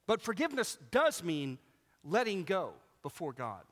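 A male preacher delivers a sermon with a fairly high voice. He tells stories with lively animation and acts out the people he quotes. His voice carries a long reverb, as in a large hall. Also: measured pace.

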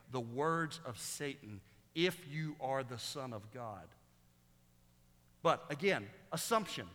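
A man delivers a sermon in a bright, fairly high voice, swelling louder when he reads the verses aloud. The sound rings with the long reverb of a large hall. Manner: preaching that rises loud and high on quoted scripture. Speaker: pastor.

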